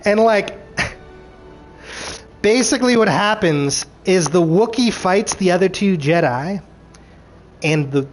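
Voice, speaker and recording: A man ranting through a show recap, animated and frustrated, swearing freely and acting out characters' lines. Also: high-pitched, soft background music. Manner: acts out characters' lines in quick voices.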